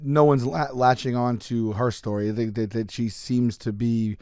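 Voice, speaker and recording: A man's voice: medium pitch, flat delivery, moderate pace, a little mellow, clean tone, no echo, clean studio sound. A man chatting as a comedian guest on a podcast, loose and rambling, quoting people in his stories. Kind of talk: casual interview chat.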